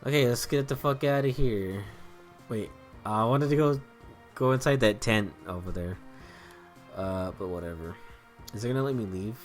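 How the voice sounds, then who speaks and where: A man's voice: fairly low pitch, normal speed, pauses often, soft background music. A man giving casual commentary while playing a video game, rambling, joking, swearing and laughing often. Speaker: let's play host.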